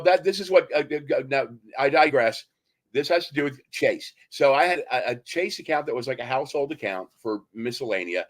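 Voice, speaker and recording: A man hosting a talk radio show, telling rambling anecdotes in a casual chat and mimicking other people as he goes. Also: mid-range voice. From United States. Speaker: host.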